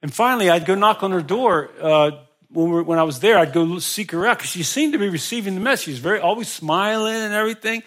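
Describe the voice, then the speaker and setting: A man's voice: expressive, fast talker, fairly bright tone. A man preaching a sermon, emphatic, with frequent restarts and repeated words. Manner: emphatic, rising in pitch and volume for emphasis. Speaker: pastor.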